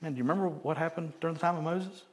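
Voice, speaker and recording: A man preaching a sermon, animated, swinging from loud emphatic bursts to quiet joking asides. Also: a little high, very fast. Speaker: pastor.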